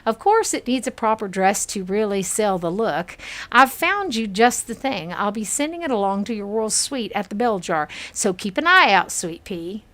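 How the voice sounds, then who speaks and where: A woman's voice: mid-range voice, lively intonation, normal speed, fairly bright tone, lightly acted. A woman from Kentucky voicing a brash, folksy Texan man who reads out a flirty letter in a video game. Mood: folksy, breezy. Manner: folksy, reading a letter aloud in character.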